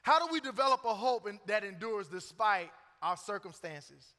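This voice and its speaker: A man's voice: high voice, expressive, normal speed, sharp tone. A middle-aged man preaching a sermon as pastor, joking and conversational between emphatic points. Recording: long church reverb.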